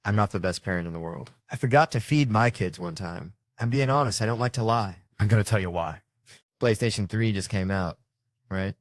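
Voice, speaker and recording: During a stand-up comedy routine, a man tells stories and slips into the voices of his family members as he goes. His slightly low voice moves fairly quickly in an animated storytelling style. The sound is dry and close, with no room echo.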